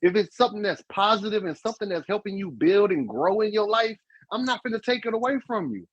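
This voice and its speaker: A man's voice: high-pitched, lively intonation, fast talker, breathy edge, no room sound, muffled recording. A man co-hosting a relationship advice podcast, talking casually and animatedly, with emphatic repeats. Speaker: podcast co-host.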